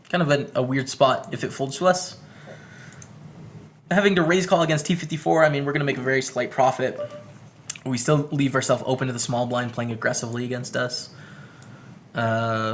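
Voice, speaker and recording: A man's voice: medium pitch, steady tone, fairly quick, pauses often, a little hiss or hum. A man with a Canadian English accent gives upbeat, chatty commentary on his poker hands while streaming live and greeting viewers by name.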